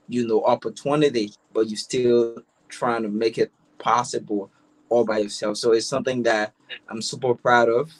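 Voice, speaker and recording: Liberian male host, friendly teasing chat, mid-pitch voice. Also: poor audio. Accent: Liberian English. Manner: friendly, teasing, repeats words. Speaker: talk show host. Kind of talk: casual interview chat.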